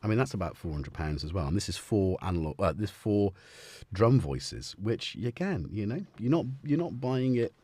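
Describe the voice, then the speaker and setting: A man's voice: lowish voice, sing-song, normal speed, dark tone, dry recording. A man hosting a live stream, chatting in a rambling, jokey way that keeps interrupting itself. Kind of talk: casual live-stream chat.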